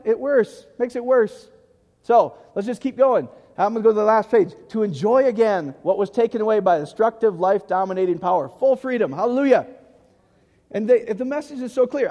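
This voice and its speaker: A man's voice: very high-pitched, warm tone, long reverb tail. A man preaching a conversational sermon as pastor, often asking the congregation questions.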